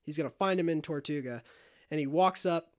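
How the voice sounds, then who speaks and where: A man casually retelling a film scene by scene, animated and jokey. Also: a little high. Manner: animated retelling, quick shifts into character voices and quotes. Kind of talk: casual movie recap chat.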